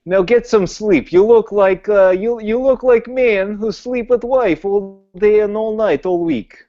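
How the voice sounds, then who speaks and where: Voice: medium pitch, a little slow, mellow, muffled recording, soft background music, voice pushed up, lightly acted. A player voicing a blunt foreign noble in broken English. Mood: teasing. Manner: broken English, drops articles. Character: proud foreign male noble, blunt, condescending.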